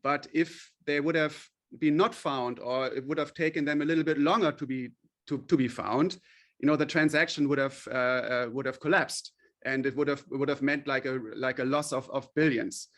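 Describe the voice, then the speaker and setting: A man's voice: mid-range voice, steady tone, normal speed, a bit bright. A man, a company chief executive, guest on a radio interview, explaining at length in a friendly way with frequent fillers.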